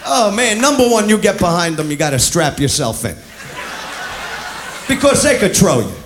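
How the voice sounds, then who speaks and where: A man doing crude stand-up comedy, brash and loud, shouting his punchlines. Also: high-pitched, big pitch swings, moderate pace. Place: live comedy club. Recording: echoey club with loud crowd. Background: audience laughter and noise.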